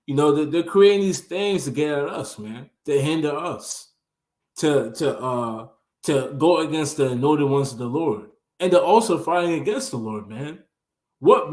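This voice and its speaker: A man preaches scripture with fiery conviction, his voice sitting a little high. He keeps tacking "man" onto his lines, and the sound bounces around an echoey room. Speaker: show regular reading and commenting on scripture. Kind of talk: fiery religious commentary.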